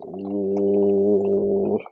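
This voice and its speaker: A man co-hosting a casual online show. He tells stories in an animated way and swears a lot. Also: lowish voice, very slow, creaky, phone-quality sound, a little hiss or hum. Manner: profane, animated storytelling. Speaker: podcast co-host. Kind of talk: casual chat.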